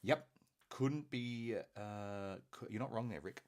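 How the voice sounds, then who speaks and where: A man's voice: medium pitch, slow pace, a little mellow. An Australian man hosting a hobby painting stream, chatting casually and enthusiastically with plenty of fillers. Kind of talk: casual live-stream chat while painting.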